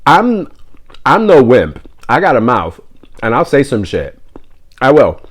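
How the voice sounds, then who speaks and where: Guy telling a story to the camera, jokey and animated, wanders off on tangents, throws in spanish words, medium voice. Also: medium pitch, measured pace, slightly rough. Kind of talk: casual storytelling.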